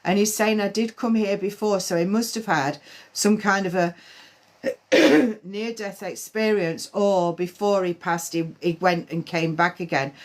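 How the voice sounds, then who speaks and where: A woman with a lowish voice gives spiritual readings on a live stream from home. She talks in a halting, hesitant way, full of fillers and restarts. She slows down softly whenever she relays a message. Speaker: medium giving readings.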